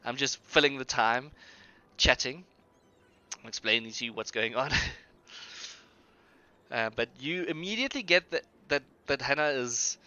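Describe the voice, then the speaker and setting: Bright, crisp-voiced man running a tabletop game. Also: mid-range voice, unhurried, pauses often, dull audio. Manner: rambling, hesitant narration with many fillers. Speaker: game master. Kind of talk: narrating a tabletop game on a live stream.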